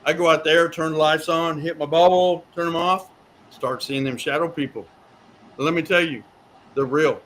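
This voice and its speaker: Guy rambling through a story, kinda high voice, faint hiss behind. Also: moderate pace. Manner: rambling animated storytelling with repeated words. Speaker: guest. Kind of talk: storytelling in a talk show interview.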